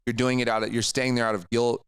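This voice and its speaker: Smooth-voiced male pastor chatting. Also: medium pitch, level tone, fast, fairly bright tone. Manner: preachy, quotes scripture, many affirming interjections. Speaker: co-host pastor. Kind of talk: casual podcast chat.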